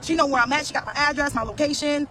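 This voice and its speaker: A man's voice: extremely high pitch, fairly even intonation, quick pace, pushed and bright, a little hiss or hum, rough recording. A man telling a casual storytime rant to his viewers, blunt, profane and slangy, repeating phrases as he talks. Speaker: vlogger.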